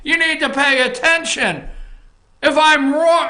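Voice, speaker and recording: A man hosting a political opinion show from an office, ranting bluntly with swearing, repetition and frequent shouting. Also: very high voice, slow, reverberant. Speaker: talk show host.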